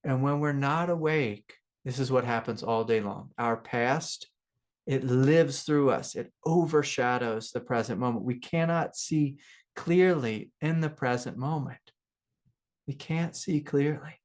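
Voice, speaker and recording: A middle-aged man, a spiritual teacher, telling a personal story in a relaxed, rambling way with many fillers and soft laughs. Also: mid-range voice, measured pace. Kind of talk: relaxed satsang talk with personal stories.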